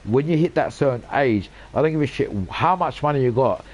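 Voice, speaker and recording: A man's voice: mid-range voice, expressive, a little fast, a little mellow. Swearing man ranting over gameplay. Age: 40s. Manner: swears a lot, rants emphatically with repeated phrases. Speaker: gaming channel host. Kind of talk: casual rambling commentary over gameplay.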